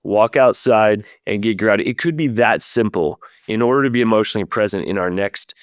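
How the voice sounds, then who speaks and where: A man's voice: lowish voice, a little fast, clear, resonant tone, no room sound, studio quality. A man hosting a leadership podcast, talking in an earnest, reflective way and speaking straight to his listeners. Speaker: podcast host.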